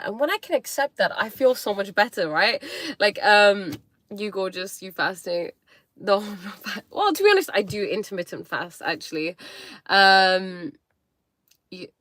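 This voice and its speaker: A woman's voice: mid-range voice, fairly bright tone, dry recording. A woman hosting a casual live stream, chatting playfully and reading comments aloud, peppering her talk with "like" and "you know". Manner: acts out her inner critic in quick mocking voices. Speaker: livestream host.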